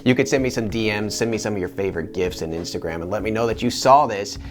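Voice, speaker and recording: A man, a voice actor, answering interview questions in an earnest, animated way. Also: on the low side, fast talker.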